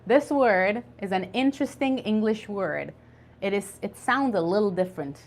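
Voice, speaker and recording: A woman's voice: mid-range voice, expressive, moderate pace. A woman teaching an online English conversation class, patiently spelling out words and drilling pronunciation.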